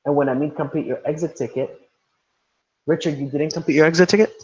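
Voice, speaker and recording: A man's voice: on the high side, steady tone, fast talker. A man teaching an online class, repeating instructions and calling on students by name over a video call. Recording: roomy, dull lo-fi sound.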